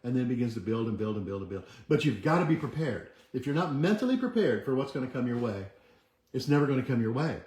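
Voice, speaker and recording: A man's voice: mid-range voice, animated, fast talker, darkish tone. A man hosting a motivational livestream, earnestly coaching viewers and urging them to chant affirmations with him. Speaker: host. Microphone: camera mic, moves back from it. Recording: echoey room.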